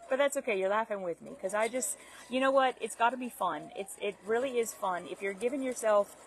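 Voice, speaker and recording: A woman's voice: mid-range voice, a little fast, slight background noise. A woman teaching a live sewing demonstration, chatty and self-deprecating, laughing at her own mistakes. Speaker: sewing instructor.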